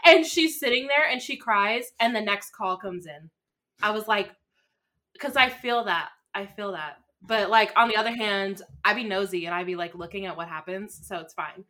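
A woman's voice: medium pitch, moderate pace, sharp tone. A young woman in casual chat with friends, blunt and profane, laughing often.

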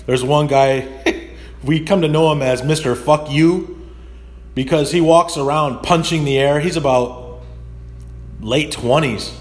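A man's voice: on the high side, takes it slowly, long pauses. A middle-aged man hosting a podcast, delivering a blunt, profanity-laced casual monologue that builds into rants. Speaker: podcast host.

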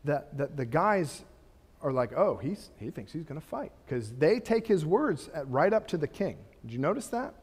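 A middle-aged man preaching in a church hall with a high, bright voice. He talks casually, then builds to fervent rhetorical questions, his words trailing into a long reverb. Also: normal speed, breathy edge. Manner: animated, rising to impassioned rhetorical questions. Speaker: pastor. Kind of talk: sermon.

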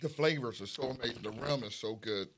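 A man's voice: mid-range voice, brisk, noisy background. A man, a chef guest, chatting easily at a table and describing his sandwiches. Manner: easygoing, describes food warmly. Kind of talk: casual chat. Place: indoors at a table with food.

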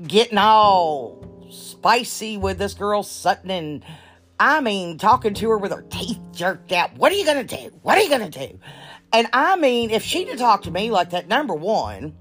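A woman hosting her own podcast in casual chat, blunt and profane, a little nervous and halting. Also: mid-range voice. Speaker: podcast host.

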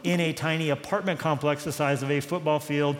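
A man preaching a sermon in a conversational, animated way, acting out quoted dialogue. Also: fairly high pitch, a little fast, in a large hall. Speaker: pastor.

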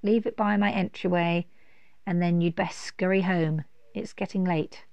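A woman voicing a big, lazy, sly male dragon in a storybook, with a low, gravelly voice and a grumbling drawl. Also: fairly even intonation, unhurried, a little mellow, no echo, dull audio. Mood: dismissive.

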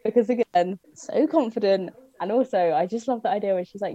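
A woman's voice: mid-range voice, fairly quick, few pauses, warm tone, no room sound, muffled recording. A woman co-hosting a podcast, teasing and playful, laughing a lot as she chats. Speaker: podcast co-host. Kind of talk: casual chat about song lyrics.

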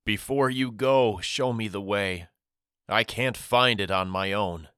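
A man's voice: on the low side, slow, sharp tone, smooth, no echo, studio quality. A man voicing a heartbroken husband and father who pleads desperately in an audiobook, his voice breaking. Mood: pleading. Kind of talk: audiobook character voice.

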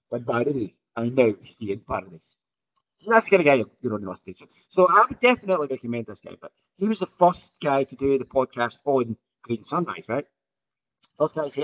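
A man's voice: fairly high pitch, very animated, a little fast, highs cut off. A man hosting a solo podcast off the cuff, rambling and often ending sentences with "right?". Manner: rambling, restarts often, tags lines with "right?". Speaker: podcast host.

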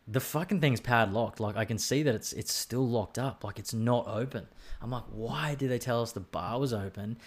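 A man's voice: medium pitch, normal speed. A young man with an Australian accent telling a rambling, sweary story in a casual podcast chat, acting out bits of dialogue. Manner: rambling, sweary, animated storytelling with acted-out quotes.

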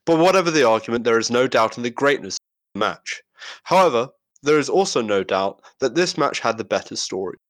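A man's voice: medium pitch, brisk, no room sound. A man hosting a wrestling podcast, reading a countdown entry in an announcer tone. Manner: reads countdown entries in a steady announcer tone. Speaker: podcast host. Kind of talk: scripted segment intro and casual chat.

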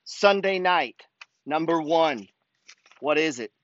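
A man with a fairly high voice delivers a pushy, profanity-laced motivational rant as a show host. The sound is dry and slightly dull. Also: expressive, takes it slowly, fairly bright tone, no room sound. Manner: swears constantly, pushy, fired-up. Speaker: host reading follower emails.

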